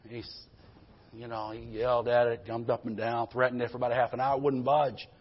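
Husky-voiced preacher, emphatic call-and-response. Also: male voice, mid-range voice, level tone, brisk. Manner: folksy storytelling asides. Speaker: pastor. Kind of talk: sermon. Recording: dull lo-fi sermon recording.

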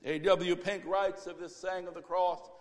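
A pastor preaching a sermon, building to fervent, repeated exhortations. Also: male voice, sits high, flat delivery, unhurried. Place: church sanctuary. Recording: long church reverb.

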